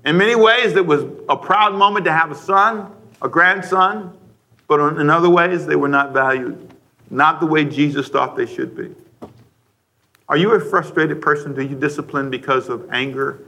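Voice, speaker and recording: Man, radio preacher, sermon, bright tone, higher pitch, questioning, conversational. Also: normal speed. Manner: conversational, asks the listeners many questions; mimics frustrated parents with sudden loud outbursts.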